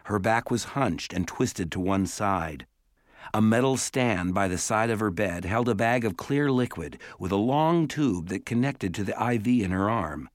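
A man reading a story aloud as an audiobook narrator, in a measured, even way. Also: on the low side, no room sound, clean studio sound. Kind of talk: scripted narration.

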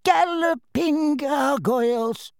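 A man voicing an elderly fussy male examiner professor, speaking in slow quavering exclamations. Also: very high-pitched, big pitch swings, no room sound, clean studio sound, voice pushed up, exaggerated voice. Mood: indignant.

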